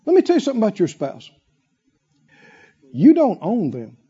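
A man preaching a sermon in an emphatic way, full of rhetorical questions and long drawn-out pauses. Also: high voice, huge pitch swings, warm tone, husky, dull audio. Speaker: pastor.

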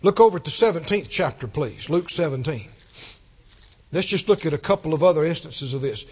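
A man preaching a sermon, telling the story with animated delivery, acting out quoted lines and chuckling often. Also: on the high side, a little fast, breathy edge, highs cut off.

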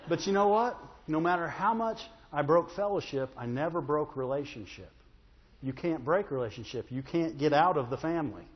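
An expressive, slightly high voice with a breathy edge carries this pastor's sermon at a moderate pace. He's emphatic and chatty, cracking jokes and prompting the congregation for an "amen." The audio is lo-fi and dull, with hall echo.

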